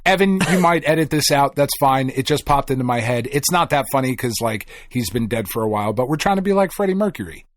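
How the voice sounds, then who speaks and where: Podcast co-host, male, profane and animated; lively delivery, dry booth sound. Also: medium pitch, fast talker, hardly any pauses, no room sound. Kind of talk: casual chat.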